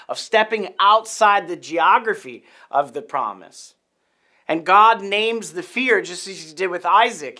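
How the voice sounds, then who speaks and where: Bright-voiced man preaching. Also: on the high side. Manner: earnest teaching with restarts. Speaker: pastor. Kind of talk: sermon.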